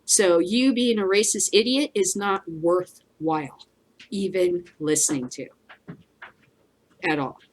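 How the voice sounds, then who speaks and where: A woman's voice: fairly low pitch, takes it slowly, pauses often. A woman hosting a casual commentary show, ranting bluntly with lots of swearing and frequent laughter. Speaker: host.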